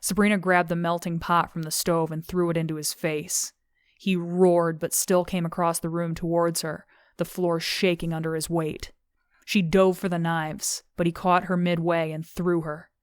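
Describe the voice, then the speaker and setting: A woman narrating a novel as an audiobook, in a steady, measured reading. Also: lowish voice, dry recording. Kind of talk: scripted narration of a thriller novel.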